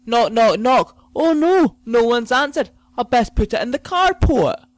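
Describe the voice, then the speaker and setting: A man doing a lazy courier in a high, sing-song voice. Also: very animated, measured pace, dry recording, heavily acted. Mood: mock-innocent. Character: lazy male parcel courier.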